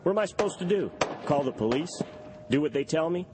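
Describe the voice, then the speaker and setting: A man's voice: a little high, expressive, fairly quick, noisy background, lightly acted. A man playing a dim, mock-earnest gun owner. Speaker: comedy sketch actor. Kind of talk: satirical fake political ad.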